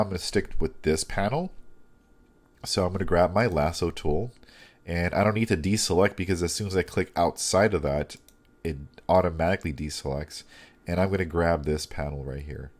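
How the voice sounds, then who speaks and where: A man teaching a step-by-step digital comic drawing lesson, thinking aloud with frequent pauses and restarts. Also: deep voice. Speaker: comic art instructor.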